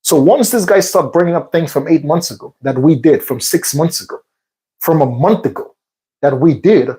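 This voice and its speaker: A man's voice: fairly high pitch, moderate pace, dark tone, rough recording. A man casually telling a rambling personal story between workout sets, repeating himself and filling in with fillers. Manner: rambling, repetitive retelling with many fillers. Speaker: vlog host.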